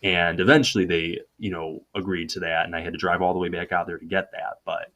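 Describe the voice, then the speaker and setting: Reporter guy with a really deep voice, just telling how it went. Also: level tone, fairly quick, pushed and bright, dull audio. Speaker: independent video reporter. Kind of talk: casual storytelling in a podcast interview.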